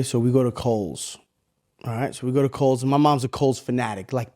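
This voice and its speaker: A man's voice: medium pitch, fairly quick, mellow. A man in his thirties co-hosting a podcast, telling stories in casual, profane chat. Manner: profane, storytelling. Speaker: podcast co-host.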